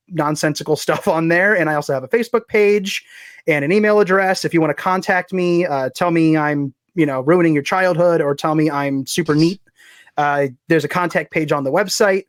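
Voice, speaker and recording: A man's voice: on the high side, steady tone, moderate pace, no echo, studio quality. A man chatting casually as a podcast guest, rambling and self-deprecating as he plugs his writing. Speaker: guest, fiction writer.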